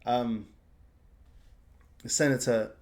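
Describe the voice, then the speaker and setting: A male game master narrating a tabletop game at a slow, unhurried pace. He feels his way through descriptions with frequent ums and restarts. His voice sits at a mid pitch. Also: steady tone. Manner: hesitant, full of ums and restarts.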